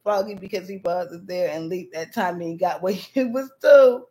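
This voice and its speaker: A woman's voice: fairly low pitch, moderate pace, warm tone. A woman hosting a casual livestream, chatting animatedly with her viewers and laughing often. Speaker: livestream host.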